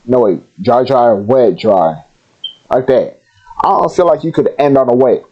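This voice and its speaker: A man's voice: mid-range voice, expressive, a little slow. A man hosting a reaction video, talking emphatically and rambling as he weighs in. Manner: emphatic, rambling, says bro. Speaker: reaction channel host. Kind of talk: casual reaction commentary. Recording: dull lo-fi mic.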